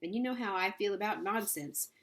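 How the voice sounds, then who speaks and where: A woman's voice: medium pitch, brisk, lightly acted. A woman voicing a strict, bossy female baton teacher in a read-aloud storybook, barking commands. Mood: stern. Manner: commanding, shouting orders.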